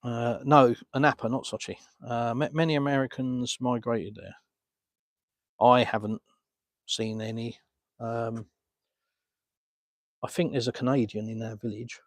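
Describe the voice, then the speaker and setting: A man's voice: medium pitch, steady tone, a little slow, pauses often, no echo. An Englishman casually answering viewer comments on a live stream from a beach, filmed on a phone. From England. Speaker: vlogger answering live chat. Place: outdoors on a beach.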